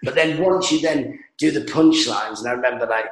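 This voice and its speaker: A stand-up comedian rambles through his stories in a casual chat, full of fillers and restarts. His voice sits at an ordinary pitch and rings in an echoey room. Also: brisk. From England.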